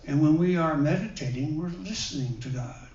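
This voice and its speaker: In a church hall, a male guest minister gives a gentle, chatty sermon built around personal stories, pausing often and using lots of fillers. His voice is a touch high with lively intonation. A distant microphone leaves the recording muffled, dull and echoey.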